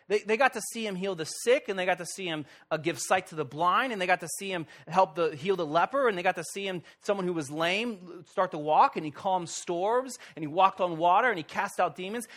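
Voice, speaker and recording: A man pastor giving a sermon in a conversational, lively way with wry humor. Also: sits high.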